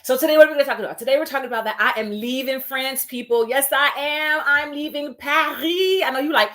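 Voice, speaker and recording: A woman hosting her first livestream from home, talking in an excited, nervous and giggly way with lots of exclamations. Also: high voice, fast, few pauses. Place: home in Paris.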